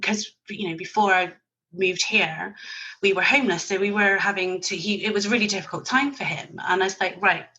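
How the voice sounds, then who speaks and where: Podcast guest: bright, forceful woman, blunt and chatty. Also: medium pitch, brisk, lo-fi sound. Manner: chatty and blunt, sprinkles in mild swearing and laughs. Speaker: podcast guest, virtual assistant business owner. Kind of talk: casual podcast chat.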